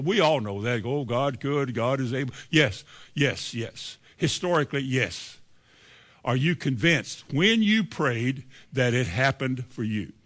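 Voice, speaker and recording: A man's voice: medium pitch, fairly bright tone. A man preaching a sermon as pastor, firing rhetorical questions at the congregation and acting out doubters' replies.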